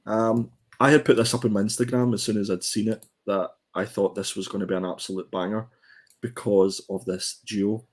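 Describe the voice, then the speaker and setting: A man's voice: on the low side, steady tone, a little fast. A man co-hosting a comic book review podcast, chatting casually and hesitantly with many ums and restarts.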